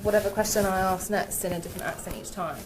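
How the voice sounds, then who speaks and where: A woman's voice: medium pitch, steady tone, fast, a little hiss or hum. A woman interviewing an actor, reading out fan questions in a playful, teasing way and laughing often. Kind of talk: casual interview chat.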